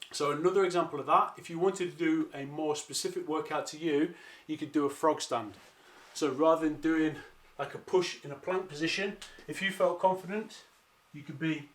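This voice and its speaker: High-voiced fitness coach. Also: male voice. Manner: encouraging, counts down reps, trips over words. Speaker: calisthenics coach. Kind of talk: follow-along workout instruction. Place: home during lockdown, exercising on the floor. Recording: echoey room.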